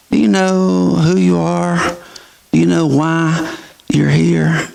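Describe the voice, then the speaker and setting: A man's voice: fairly high pitch, fairly even intonation, slow pace, vocal fry, darkish tone. A middle-aged male pastor who preaches a sermon and asks his listeners emphatic questions. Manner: emphatic, rhetorical questioning of the audience.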